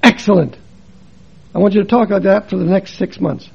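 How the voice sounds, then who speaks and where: Man voicing a patient female therapist, calm and instructive, husky and high. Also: moderate pace, dull audio, full character voice. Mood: instructing.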